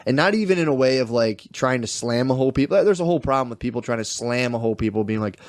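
A young man, a student, chatting casually and retelling a class story with lively, mocking quoted voices. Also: mid-range voice, fast talker, no room sound, studio quality. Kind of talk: casual chat.

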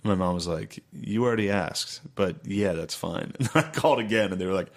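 A man's voice: deep voice, a little fast. A young man casually telling stories, laughing often and swearing freely. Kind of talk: casual storytelling chat.

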